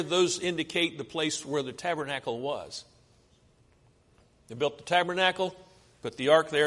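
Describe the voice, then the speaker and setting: An American man delivers a sermon, walking through slides and putting questions to the audience in a conversational way. His voice sits on the high side and sounds a bit bright, with a long hall reverb around it.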